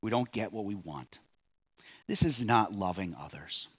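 A pastor preaching a sermon in a measured way, rising on key phrases and dropping soft at line ends. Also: male voice, lowish voice, lively intonation, slightly rough, no room sound.

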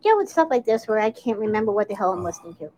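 A woman's voice: medium pitch, big pitch swings, racing, a crowd in the background. A woman co-hosting a podcast, rambling loosely and swearing casually. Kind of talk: casual chat.

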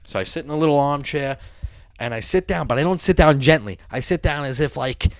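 A man telling a profane, animated story in casual chat. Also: a little high, fairly quick, no room sound.

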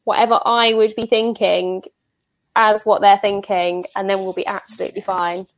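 A woman's voice: mid-range voice, little pitch movement, moderate pace, highs cut off. A woman chatting casually in a group, gushing with enthusiasm and saying "like" and "literally" often. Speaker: watch enthusiast guest.

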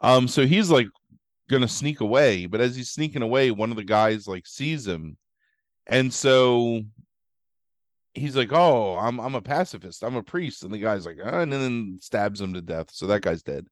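A man's voice: medium pitch, moderate pace, no room sound, clean studio sound. A man chatting casually as a podcast co-host, rambling through a movie recap full of "like" and "um" while acting out quotes. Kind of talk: casual chat.

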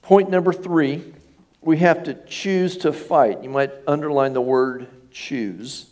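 A man's voice: on the high side, slow pace, darkish tone. A middle-aged man preaching a sermon in a conversational way, often asking the congregation questions. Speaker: pastor.

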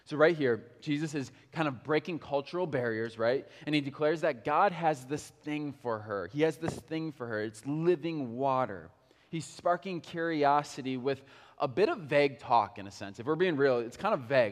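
A man's voice: a little high, moderate pace, long reverb tail. A man preaching a sermon as pastor, talking casually and conversationally with lots of "like" and "kinda".

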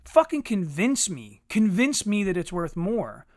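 Man, casual podcast chat, blunt and profane, lively pitch, slightly high voice, dry room. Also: normal speed, hardly any pauses, no room sound. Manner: blunt, profane, animated storytelling.

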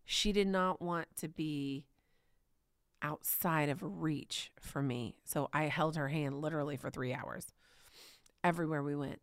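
A woman in her thirties giving a devotional teaching, soft and tender, often dropping to a whisper. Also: low-pitched, no room sound, clean studio sound. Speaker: podcast host.

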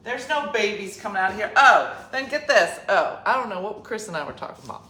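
A woman's voice: mid-range voice, fairly quick, slight background noise. A woman of fifty telling a joking, exasperated story in a casual chat. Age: 50s. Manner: animated, exasperated, joking rant. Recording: roomy echo.

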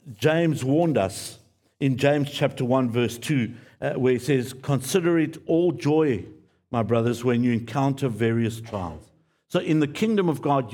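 A pastor preaches a sermon in an earnest, pleading way, repeating key phrases and letting his endings drop quiet and low.

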